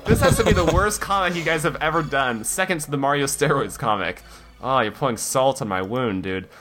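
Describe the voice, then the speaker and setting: A man's voice: fairly quick, soft background music. A man co-hosting a podcast, reading listener comments aloud in a mock-dramatic voice and joking casually. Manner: animated, reads in a mock-dramatic low voice. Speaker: podcast co-host.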